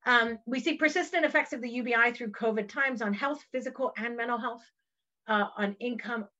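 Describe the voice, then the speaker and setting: A woman's voice: a little high, a little fast, pushed and bright, muffled recording. A woman presenting research findings in an explanatory way, with fillers and self-corrections. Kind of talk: academic talk excerpt.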